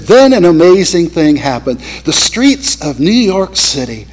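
A male pastor telling a story in a sermon, earnest and slowing down for emphasis. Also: on the high side, very animated, slight background noise, low-quality recording.

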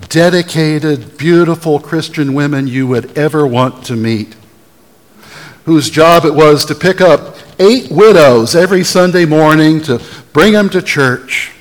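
Man, pastor, sermon, slow measured delivery, fairly high voice, long church reverb. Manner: deliberate, storytelling preacher who has the audience answer back.

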